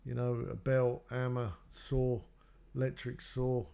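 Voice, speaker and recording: A man's voice: medium pitch, little pitch movement, takes it slowly, gravelly, mellow. A man telling his own life story in a loose, rambling way, acting out what others said to him. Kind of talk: personal storytelling.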